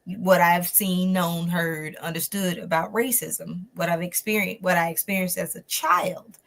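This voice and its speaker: A woman's voice: on the low side, measured pace, gravelly. A woman guest telling a personal story in a conversation, acting out the people in it. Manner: animated, acts out the people in her story.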